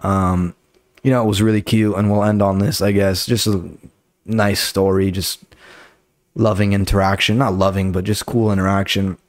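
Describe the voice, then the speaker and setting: Casting: a low-voiced guy comic, rambling and cursing, recorded dry and close. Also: flat delivery, moderate pace, no room sound. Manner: profane, rambling, loose. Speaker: comedian and podcast host. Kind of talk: casual comedic storytelling.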